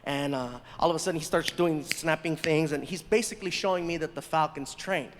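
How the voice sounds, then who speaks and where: A man doing stand-up storytelling on a theater stage, animated and laughing at his own jokes, into a handheld mic. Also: a little high, fairly quick. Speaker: stand-up comedian. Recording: live show in a big reverberant hall.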